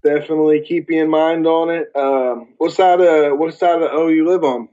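A blunt man with a Southern Oklahoma accent talks freely in casual podcast chat, cursing and laughing as he makes his points. His voice sits a bit high for a man. The audio is dull and lo-fi. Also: steady tone, moderate pace, mellow. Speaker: podcast guest, music reviewer.

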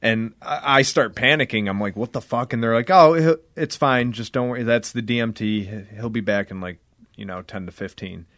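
A man's voice: mid-range voice, normal speed, fairly bright tone, no echo. A young man telling a rambling story on a podcast, stringing thoughts together with filler and swearing. His voice sits in a middle range and comes across close and dry, with little sense of the room around it. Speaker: podcast host. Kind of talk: casual podcast chat.

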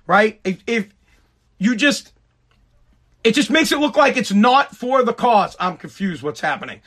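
A man's voice: high-pitched, expressive, measured pace, long pauses, fairly bright tone. An American man ranting to camera in a casual, exasperated way, swearing a lot and stumbling over repeated words. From United States. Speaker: vlogger. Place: Boston.

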